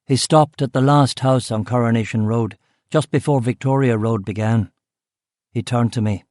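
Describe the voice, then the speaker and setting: Steady male audiobook narrator, dry sound. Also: medium pitch, normal speed, no echo. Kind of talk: first-person audiobook narration.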